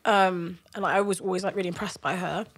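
A young woman with a croaky, nasal voice, chatting bluntly as a DJ guest on a podcast. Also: on the low side, fairly even intonation, fast. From London. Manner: blunt, laughing, full of London slang. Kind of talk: casual chat.

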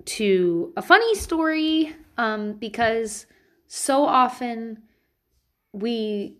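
A woman's voice: on the high side, expressive, extremely slow, fairly bright tone. A woman in her thirties, a mother telling personal stories and giving candid parenting advice in a casual way, swearing freely.

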